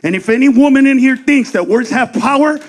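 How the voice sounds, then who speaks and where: A man doing a stand-up comedy set on stage, loud and crude, shouting his punchlines into a handheld mic. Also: very high-pitched, brisk. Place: comedy stage before a live audience.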